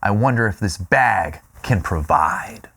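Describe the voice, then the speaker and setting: A man's voice: on the low side, animated, a little slow, pushed and bright, husky, soft background music. A man hosting a casual food review vlog, talking in a playful, self-mocking way with exaggerated reactions to each dish.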